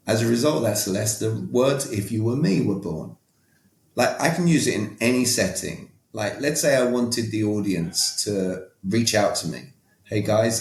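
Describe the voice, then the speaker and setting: A man with a British accent, speaking as an interview guest who coaches on communication. He talks emphatically and directly, often checking in with "all right?". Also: fairly low pitch. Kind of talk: casual interview talk. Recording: roomy echo.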